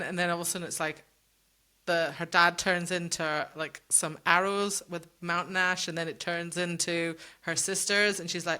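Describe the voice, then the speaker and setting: A woman chats her way through a book recap on a podcast. Her voice is bright and clear. She laughs a lot and keeps dropping into quick impressions of the characters. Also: lowish voice, steady tone. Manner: giggly, acts out characters' lines. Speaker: podcast co-host. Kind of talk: casual book discussion.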